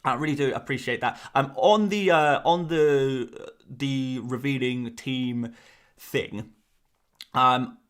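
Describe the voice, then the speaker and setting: A man's voice: mid-range voice, slow, clear, resonant tone. A man hosting a fantasy football live stream, talking casually to his viewers and often repeating himself as he rambles.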